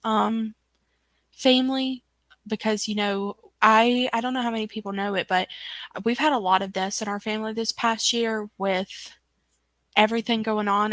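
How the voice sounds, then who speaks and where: A woman's voice: medium pitch, fairly bright tone, no room sound. A woman hosting a casual livestream chat, reading viewer comments aloud in a chatty way. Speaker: book club host.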